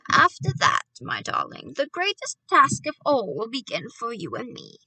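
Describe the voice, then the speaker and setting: A woman reading aloud voices a bold, fierce old grandmother who speaks in loud, emphatic exclamations. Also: fairly high pitch, wildly swooping pitch, moderate pace, breathy edge, no echo, far from the mic, exaggerated voice, rough recording. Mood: triumphant.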